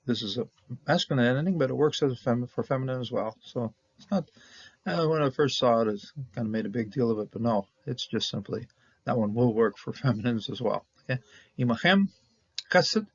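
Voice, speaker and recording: A man teaching Bible Hebrew verse by verse, halting with fillers and checking in with "okay?", on a dull lo-fi recording. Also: mid-range voice, husky, dry recording. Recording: dull lo-fi sound.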